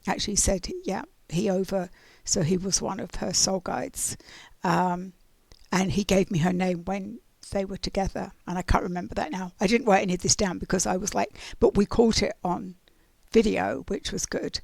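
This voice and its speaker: A woman's voice: mid-range voice, steady tone, normal speed, vocal fry, darkish tone, dry recording. A middle-aged woman telling a spiritual story in a casual, rambling way, full of fillers and restarts. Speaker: oracle card reader.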